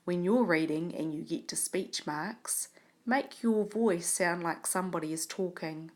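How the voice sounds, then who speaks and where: A woman teaching a reading lesson, speaking clearly and patiently as she models reading a story aloud. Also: fairly low pitch, unhurried, a little mellow. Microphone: tablet microphone.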